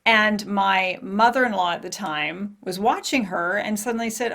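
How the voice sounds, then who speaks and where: A woman's voice: a little high, animated, normal speed, a bit bright. A woman hosting her own podcast and telling a personal story in a candid, conversational way. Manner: candid and conversational, swears casually. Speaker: podcast host and martial arts coach.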